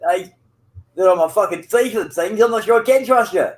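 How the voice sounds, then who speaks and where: A high-pitched man chatting with a friend while gaming. He rambles, trades insults and swears in nearly every sentence, circling back through fillers as he goes. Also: brisk. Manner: profane, rambling, teasing. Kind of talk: casual banter over voice chat.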